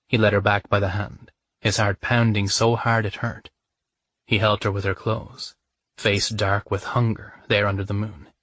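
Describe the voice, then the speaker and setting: A man narrating a romance audiobook in a calm, measured reading voice, close to the mic. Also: lowish voice, dry recording.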